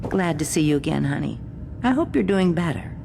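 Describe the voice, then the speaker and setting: A gravelly, drawling lounge owner. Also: female voice, low-pitched, lively intonation, a little fast, dark tone, slight background noise. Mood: languid. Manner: drawling, familiar, calls people honey. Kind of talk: game character dialogue.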